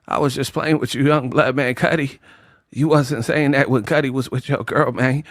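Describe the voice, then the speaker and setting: A slow, mumbling laid-back guy who drawls "man" at the end of every line, as a man puts him on for a bit. The voice sits soft and hushed, recorded dry and close. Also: mid-range voice, steady tone, dry recording, natural voice. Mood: drawling.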